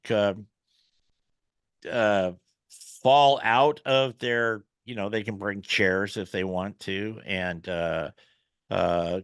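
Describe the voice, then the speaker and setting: A man's voice: on the low side, no room sound. A man hosting a casual golf interview, telling folksy stories with lots of fillers and restarts. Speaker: podcast host.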